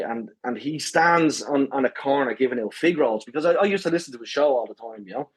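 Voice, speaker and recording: A man with an Irish accent, a podcast guest telling a lively anecdote full of swearing and "right?"s. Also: medium pitch, slightly rough, low-quality recording. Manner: animated, swears freely, says "right?" often. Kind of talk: casual storytelling.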